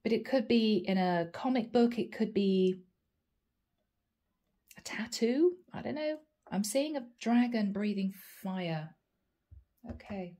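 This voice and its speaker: A woman's voice: medium pitch, animated, slow pace, long pauses, warm tone. A woman giving a chatty channeled tarot reading, thinking aloud and tentative. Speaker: psychic tarot reader.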